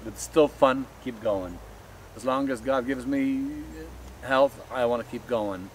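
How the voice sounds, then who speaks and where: A man's voice: mid-range voice, unhurried, a little hiss or hum, low-quality recording. A man from Canada, a polka musician, chatting folksily and cutting in during a casual interview.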